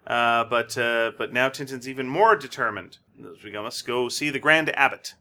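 A man co-hosting a podcast in relaxed casual chat, often pausing with "uh". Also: mid-range voice. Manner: relaxed, hesitant with frequent "uh"s. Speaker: podcast co-host.

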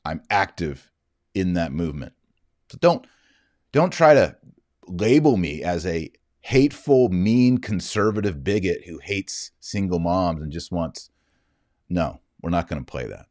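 A man's voice: deep voice, animated, measured pace, a little mellow, no room sound, clean studio sound. A man retelling an argument in an emphatic, indignant monologue. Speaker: Catholic commentator. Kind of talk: storytelling monologue.

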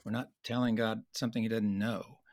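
A man teaching in a conversational Bible study discussion, earnest and explanatory, slowing down to stress key points. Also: fairly low pitch, flat delivery, a little mellow, no echo, clean studio sound.

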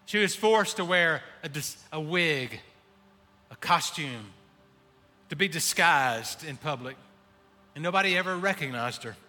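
A man preaching a sermon, swinging between hushed pleading and impassioned calls. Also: fairly high pitch. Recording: reverberant hall with faint music. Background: faint music.

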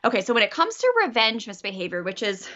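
A woman working as a parenting coach, talking a caller through a problem in a chatty, animated way and acting out the quotes. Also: a little high, fast talker, lo-fi sound. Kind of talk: coaching call.

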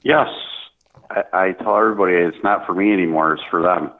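A man with a very deep voice speaks earnestly and haltingly, often restarting his phrases. He is heard over a thin, tinny phone line. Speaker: guest, speaker at military events. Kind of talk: conversational interview.

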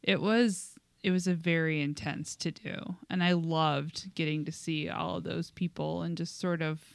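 A woman's voice: low voice, fairly even intonation, a little slow, vocal fry, dry recording, clean studio sound. A young adult woman co-hosting a podcast in casual chat, talking loosely with lots of fillers and acting out quotes. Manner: chatty, many "like" fillers, acts out quotes. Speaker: podcast co-host.

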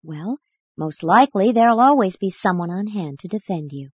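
A woman's voice: mid-range voice, expressive, normal speed, husky, no room sound, highs cut off. A woman voicing an earnest, eager young male student who talks in a thoughtful, frank way.

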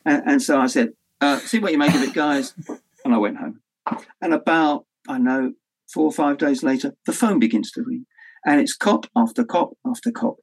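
An older man, an author telling lively anecdotes in an interview and acting out the people he quotes. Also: fairly high pitch, normal speed, gravelly, poor audio. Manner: animated, acts out quoted voices with swearing and laughs. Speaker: author guest. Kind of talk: anecdotal storytelling.

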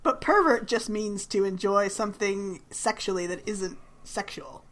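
A woman co-hosting a podcast, reacting with giggly, animated chatter in casual comedic talk. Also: medium pitch, unhurried, a little hiss or hum. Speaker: podcast co-host.

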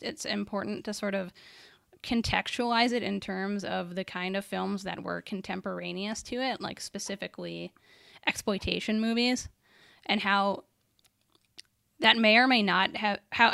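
A woman hosts a film discussion podcast, her voice carrying a gravelly texture. She reads out a plot summary, then puts questions to her guests. The sound is dry and close, with no room around it. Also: mid-range voice, a bit bright, no room sound. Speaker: podcast host.

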